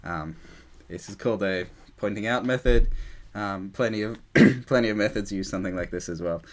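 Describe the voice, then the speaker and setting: A man's voice: lowish voice, moderate pace. A man leading a group meditation discussion over a video call, talking loosely with many fillers. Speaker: meditation teacher.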